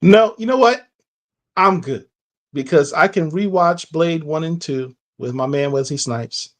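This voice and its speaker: A man co-hosting a comics podcast in casual chat, excitable and quick to jump in with questions. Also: on the high side. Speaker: podcast co-host.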